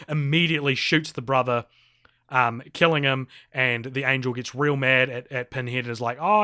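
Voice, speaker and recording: Bright-voiced man recapping a film. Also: mid-range voice. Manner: rambling plot recap with fillers and restarts. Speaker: podcast co-host. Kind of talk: casual film review chat.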